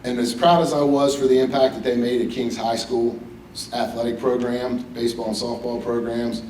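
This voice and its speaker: A middle-aged man from West Virginia, USA, stands at a podium in a banquet hall and addresses the audience with a personal, jokey hall of fame acceptance speech. His medium-pitched voice is dark and level at a moderate pace. The hall echoes, the mic is distant with him a bit off it, and there's a little hiss or hum.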